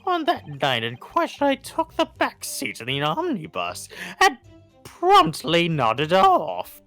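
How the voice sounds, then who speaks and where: A woman's voice: fairly low pitch, wildly swooping pitch, fairly bright tone, soft background music, pitched below the performer's own voice, heavily acted. A woman voicing a boisterous older Irish man in a put-on leprechaun accent for a fan dub. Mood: storytelling. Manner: hammy, drawn-out storytelling.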